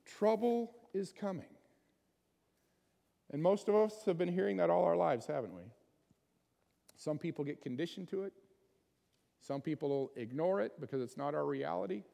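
A man's voice: fairly high pitch, expressive, fairly quick, gravelly, dark tone, big-room sound. A man preaching a sermon in a conversational way, often putting questions to his listeners. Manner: conversational, asks the congregation many questions. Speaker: pastor.

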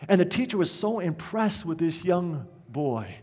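A man's voice: sits high, big pitch swings, unhurried, darkish tone, husky. A male pastor preaching a sermon in a church, telling a story and building to rhetorical questions. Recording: echoey church hall.

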